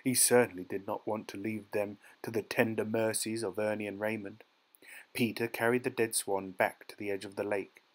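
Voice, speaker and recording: A man narrating a dark short story as an audiobook, in a measured, dramatic storytelling manner. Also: lowish voice, flat delivery, poor audio. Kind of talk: scripted narration.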